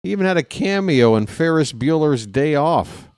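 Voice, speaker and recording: A man's voice: fairly high pitch, expressive, moderate pace, a little mellow, smooth, no echo, studio quality. A man hosting a baseball live stream, chatting casually and rambling with joking asides to his viewers. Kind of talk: casual post-game stream chat.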